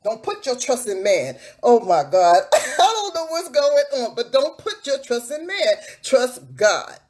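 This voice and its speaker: A beauty vlogger on a livestream who breaks into fervent, repetitive spiritual encouragement, like a preacher. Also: female voice, fairly high pitch, sing-song, a little slow, a little mellow.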